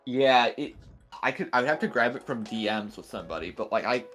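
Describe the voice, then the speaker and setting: A man chatting casually as a guest, rambling in a relaxed way with lots of filler words. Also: medium pitch, brisk, soft background music. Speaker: guest co-host. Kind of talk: casual chat.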